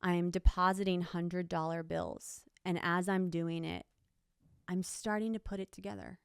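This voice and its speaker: Low-voiced woman telling a raw story. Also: fairly even intonation, unhurried, clear, resonant tone, dry recording, clean studio sound. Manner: emotional, emphatic retelling with quoted dialogue. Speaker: interview guest. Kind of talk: candid personal storytelling.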